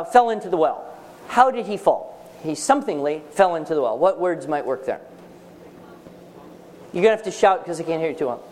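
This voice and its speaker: In a seminar room before a live audience, a man with a fairly high-pitched, slightly mellow voice teaches a writing workshop for parents. He's emphatic and jokey, and he quizzes his listeners.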